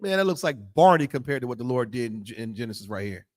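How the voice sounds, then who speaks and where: A man's voice: mid-range voice, very animated, quick pace. A man teaching a Bible law class in a blunt, profane preaching style full of rhetorical questions. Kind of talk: fiery preaching lesson.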